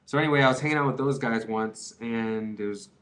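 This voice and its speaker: A man's voice: mid-range voice, a little fast, fairly bright tone. A man in his twenties talking to camera in a casual, confessional way. He rambles and drops a lot of "dude", "man" and "like" as he goes. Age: 20s. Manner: rambling, slangy, many fillers like "dude" and "man". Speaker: vlogger giving advice on quitting.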